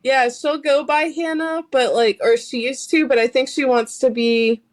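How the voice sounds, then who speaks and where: A woman's voice: on the high side, steady tone, normal speed. A woman guest musician in a casual interview, easygoing and giggly, filling her talk with "like". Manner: heavy use of "like", giggly and easygoing.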